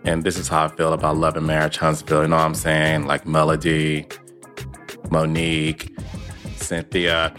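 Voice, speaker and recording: A man doing a teasing impression of his male guest in a deep, smooth late-night radio voice. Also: completely flat delivery, fairly bright tone, soft background music. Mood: mocking. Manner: slow and exaggerated mock impression.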